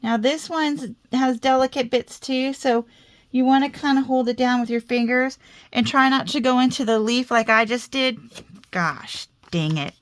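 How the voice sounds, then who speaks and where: This crafting host speaks at a moderate pace in a high voice with fairly even intonation. She has a slight Southern American accent, keeps things chatty and casual, pokes fun at herself, and talks to herself while working.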